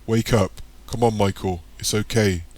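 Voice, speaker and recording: A man reading an audiobook, voicing a calm caring companion who speaks gently and soothingly. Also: lowish voice, measured pace, lightly acted. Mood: gentle.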